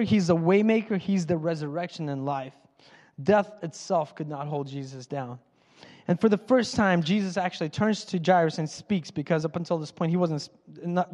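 A man preaching a sermon as a pastor, animated and acting out voices from the story. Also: a little high. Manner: animated, acts out quoted voices. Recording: long hall reverb.

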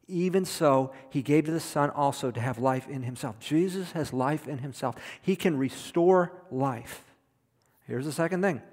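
A middle-aged man preaching a sermon as a pastor, emphatic, repeating words for stress. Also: a little high. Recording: long reverb of a hall.

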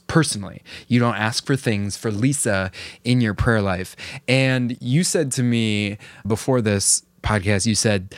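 A man hosting a podcast interview and asking reflective questions in a measured way. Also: fairly low pitch, no room sound. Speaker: podcast host. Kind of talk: interview conversation.

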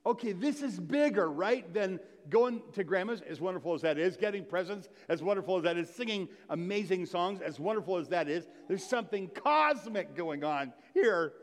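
Man preaching in an echoing hall. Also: high-pitched. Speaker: pastor. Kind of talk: Christmas Eve sermon. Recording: long reverb of a large hall.

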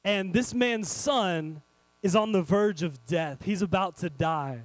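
A man preaching a sermon, animated and speaking straight to his congregation, swinging between loud and hushed. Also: high voice, slow pace, no room sound, poor audio. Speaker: pastor.

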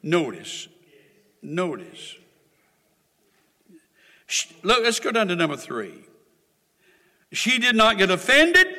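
A man with an extremely high-pitched voice preaches a dramatic sermon, sinking into quiet asides and then rising into shouted exhortations. The recording carries a long hall reverb from the church.

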